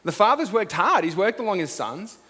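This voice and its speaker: A pastor giving a sermon as casual storytelling, swinging from loud to hushed. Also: male voice, sits high, very animated, fairly quick. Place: church auditorium. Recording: long hall reverb.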